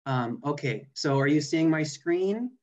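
A man's voice: fairly high pitch, animated, a little slow, darkish tone, lo-fi sound. A young man from California gives an online seminar as a guest botanist. He talks casually, with plenty of fillers and restarts, and sounds like he is on a video call. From California, USA.

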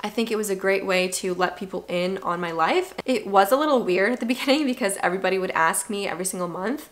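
A young adult woman talking candidly in a casual vlog, chatty and animated, acting out the things people say to her. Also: mid-range voice, fast talker, few pauses. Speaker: vlogger.

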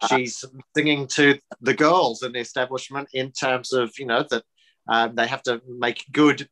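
A man's voice: mid-range voice, normal speed, poor audio. A man, a songwriter, casually introducing his musical numbers with many fillers. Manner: relaxed, hesitant with many fillers. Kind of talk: lecture talk introducing songs.

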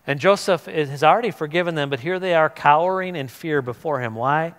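A man preaches in a relaxed, conversational way, slipping into quick voices for the people in his story. His voice sits a little high for a man. The sound carries the long reverb of a church sanctuary. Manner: conversational, animated, acts out voices of biblical figures. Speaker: pastor. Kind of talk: sermon.

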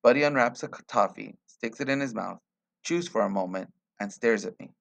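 A man reading a short story aloud in a quiet, measured way. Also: medium pitch, gravelly. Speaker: reader.

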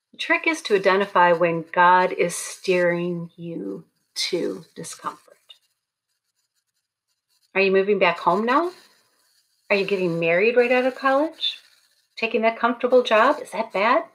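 A woman's voice: medium pitch, a bit bright. A woman preaching at a college baccalaureate service, telling a story in a conversational, humorous way. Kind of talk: sermon.

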